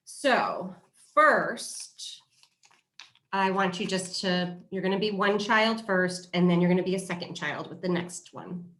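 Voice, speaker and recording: A woman hosting a parenting workshop, talking in a lively way and acting out what parents and children say. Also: mid-range voice, takes it slowly, reverberant.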